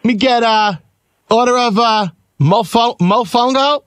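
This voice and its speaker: A man making a prank phone call, ordering food in a casual, hesitant way with filler pauses. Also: very high-pitched, dry recording. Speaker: prank caller.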